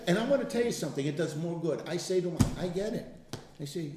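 A man speaks to a small group, telling animated stories from his own life. He leans hard on key words, slowing down to hammer them home. His voice sits a little high and rings around a reverberant room. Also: noisy background. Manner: animated storyteller, emphatic slow stresses. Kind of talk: casual testimony talk. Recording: echoey room.

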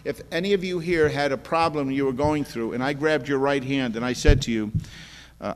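A man's voice: mid-range voice, normal speed, long reverb tail, a little hiss or hum. A man preaching a sermon to a congregation in an earnest, conversational way, often repeating himself for emphasis. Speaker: pastor.

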